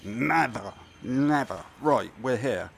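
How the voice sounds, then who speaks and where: A man's voice: mid-range voice, lively intonation, slow pace, gravelly, slight background noise. A man giving casual, chatty gameplay commentary; he swears freely and often mutters to himself. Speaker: gaming commentator.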